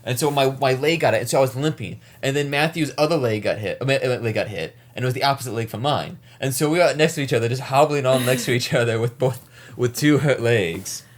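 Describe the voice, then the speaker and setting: A man's voice: medium pitch, quick pace. An American man telling a long story in casual chat, rambling with lots of fillers and restarts. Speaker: larp player recounting an event.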